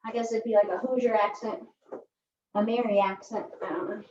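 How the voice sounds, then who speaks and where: A woman's voice: medium pitch, fairly even intonation, fairly quick, a little mellow, slight background noise. A woman instructing a pilates workout in a chatty, joking way, often tagging her cues with "right?". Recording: echoey room, distant mic, dull sound.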